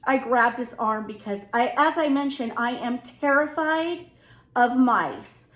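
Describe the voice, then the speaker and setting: A middle-aged woman vlogging from home, telling a story in a lively casual way and acting out the dialogue. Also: high voice. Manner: animated, acts out both sides of the story. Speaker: lifestyle vlogger. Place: home room. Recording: echoey room.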